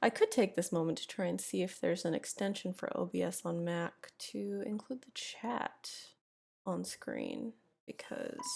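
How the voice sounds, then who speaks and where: A woman's voice: medium pitch, vocal fry. A young woman chatting casually on a live stream from home, rambling to herself while she fiddles with her settings. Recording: faint background music. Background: faint music.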